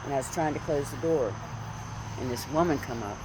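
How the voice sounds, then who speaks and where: A woman's voice: very deep voice, a little fast, noisy background. A woman vlogger telling a dream and giving spiritual encouragement in a rambling, earnest way, repeating her phrases, speaking outdoors on her porch at night into a phone. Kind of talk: casual storytelling monologue. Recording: crickets and insects chirping outdoors. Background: crickets, insects, passing vehicles.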